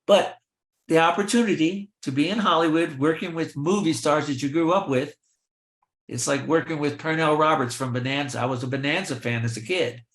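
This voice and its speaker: Animated older man telling stories. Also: fairly high pitch, fairly quick, roomy sound. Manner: animated anecdotes, acting out quoted voices. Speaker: film extra and actor, guest. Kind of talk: storytelling in an interview.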